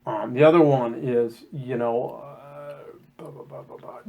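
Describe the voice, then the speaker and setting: A man co-hosting a casual podcast chat about scripture, jokey and animated, often acting out quotes in silly voices. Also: medium pitch, brisk, vocal fry. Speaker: podcast co-host.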